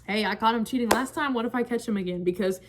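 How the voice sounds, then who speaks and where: A young woman telling a frank, animated storytime to her viewers, full of slang and "like". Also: fairly high pitch, fast talker, background noise. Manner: animated, frank, slangy, many fillers like "like" and "bro". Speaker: vlogger. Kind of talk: casual storytime chat.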